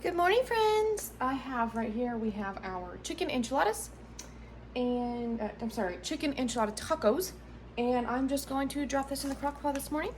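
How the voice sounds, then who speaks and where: A woman's voice: a little high, normal speed, slight background noise. A woman, chatting casually while cooking dinner in her home kitchen and filming on a handheld phone. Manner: chatty, rambling, self-correcting. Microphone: handheld phone camera.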